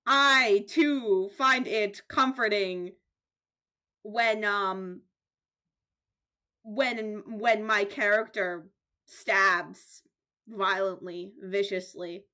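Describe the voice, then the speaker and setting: A young woman streamer giving playful, goofy commentary on a game, animated and jokey with bursts of shouting. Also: medium pitch, drawn-out words, long pauses. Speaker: gaming streamer.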